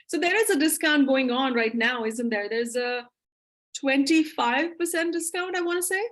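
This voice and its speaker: A woman with a slightly high voice co-hosts a live English course session. She chats easily and warmly with her co-host, dropping in fillers as she goes. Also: normal speed. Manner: chatty, friendly, with filler words. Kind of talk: live online class chat.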